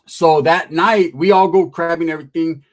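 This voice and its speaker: A man telling a story in a casual, streetwise way, full of slang and swearing and punctuated by "right?". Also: a little high. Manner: animated, drawn-out telling with frequent "right?". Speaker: storyteller on a podcast.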